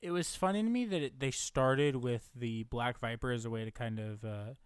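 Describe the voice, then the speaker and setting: A man's voice: medium pitch, moderate pace, smooth, no echo, studio quality. A man on a podcast giving a hesitant, mild take on an episode. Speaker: podcast co-host. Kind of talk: casual podcast chat.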